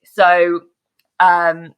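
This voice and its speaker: A woman's voice: fairly low pitch, monotone, drawn-out words, clear, resonant tone. Chatty laughing woman co-host. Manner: chatty, laughing, self-deprecating. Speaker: podcast co-host. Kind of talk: casual chat.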